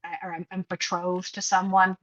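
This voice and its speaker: A woman's voice: on the low side, completely flat delivery, normal speed, a bit bright, dull audio. A woman co-hosting a film podcast, chatting casually with many fillers and restarts. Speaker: podcast co-host. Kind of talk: casual chat recapping a film.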